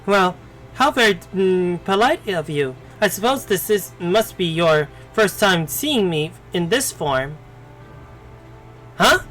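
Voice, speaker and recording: A coy, teasing fox spirit woman, read aloud by a man. The voice is high and leisurely, with faint music behind it. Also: lively intonation, takes it slowly, fairly bright tone, heavily acted, low-quality recording.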